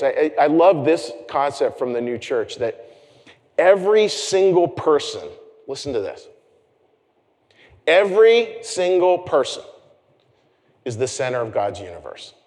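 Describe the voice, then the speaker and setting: A man preaching a conversational sermon as pastor, animated and chatty, with self-deprecating asides. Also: mid-range voice, long reverb tail. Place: church sanctuary.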